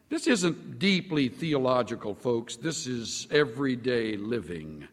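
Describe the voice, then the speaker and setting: Guy preaching a sermon, slow and deliberate, voice swooping way up and down, lots of hall echo. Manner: animated, sweeping pitch swings with slow drawn-out emphasis. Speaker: pastor.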